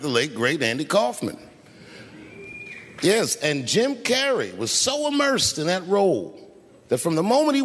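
A stand-up comedian, a man, spins a story from the stage, his fairly high voice leaping and dropping as he goes. He moves from hushed asides to loud bursts. The sound carries the long reverb of a big hall with faint crowd noise underneath. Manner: animated, shifts between hushed and loud. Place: large venue on stage.

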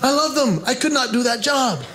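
A man doing stand-up comedy before an audience, telling animated stories with jokey asides. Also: extremely high pitch, moderate pace, slight background noise. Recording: live stage recording, loud ambience.

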